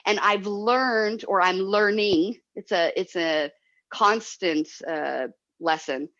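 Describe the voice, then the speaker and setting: A woman's voice: medium pitch, slow pace, a bit bright, highs cut off. A woman guest speaking in a heartfelt, emotional way, often repeating herself as she explains. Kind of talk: heartfelt motivational talk.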